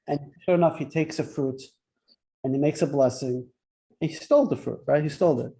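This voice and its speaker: High, mellow male teacher, chatty and joking, always checking "right?". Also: steady tone, moderate pace. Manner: chatty, keeps asking "right?", tells jokes. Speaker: Torah class teacher. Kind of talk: interactive classroom lesson.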